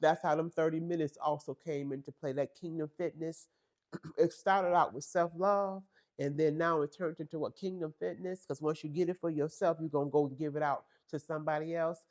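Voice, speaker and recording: A woman's voice: deep voice, steady tone, brisk, a little mellow. A woman hosting a faith-based podcast, giving an emphatic motivational talk to women listeners with lots of repetition and direct address. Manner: preachy and emphatic, repeats phrases for emphasis; talks straight to women listeners, calls them girl and honey. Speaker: podcast host.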